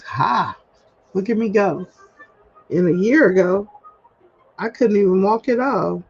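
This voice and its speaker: Broadcasting alone from home, a woman chats candidly with her livestream viewers and laughs at herself. Her mid-range voice is a little slow with a breathy edge, and the lo-fi stream audio sounds dull.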